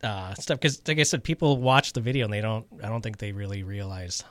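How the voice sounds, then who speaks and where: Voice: medium pitch, brisk, a bit bright, no echo. A show host in a casual interview who listens encouragingly and laughs readily.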